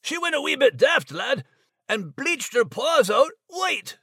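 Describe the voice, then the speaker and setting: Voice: mid-range voice, big pitch swings, a little slow, bright, forceful tone, no room sound, clean studio sound, full character voice. A performer voicing a hearty male sidekick who peppers his speech with "aye", "lad" and "wee". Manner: brogue-flavored talk with "aye", "lad" and "wee". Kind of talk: audio drama acting.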